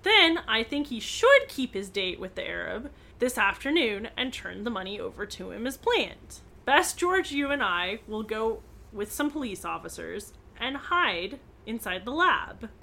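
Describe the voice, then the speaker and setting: A woman's voice: on the high side, big pitch swings, a little slow, gravelly, few pauses, bright, forceful tone, exaggerated voice. A woman voicing a confident teenage girl detective laying out plans. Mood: eager. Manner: confident, planning aloud. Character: bold young woman teen detective.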